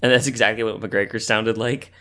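A man's voice: on the low side, fairly quick. A man co-hosting a casual podcast chat, telling a long story with lots of fillers and laughter. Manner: rambling, animated storytelling with frequent fillers and laughs. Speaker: podcast co-host.

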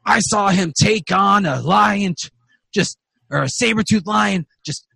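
A man voicing boisterous male dwarves who shout boasts and toasts in a tavern. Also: high-pitched, a little slow, creaky, breathy edge, no room sound, voice pushed up, full character voice. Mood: boastful. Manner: loud, hearty, shouting.

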